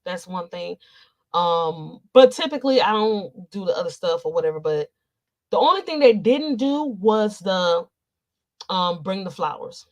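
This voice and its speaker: Woman ranting loud and profane. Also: on the low side, expressive, a little slow, muffled recording. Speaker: commentary vlogger. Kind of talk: ranting commentary.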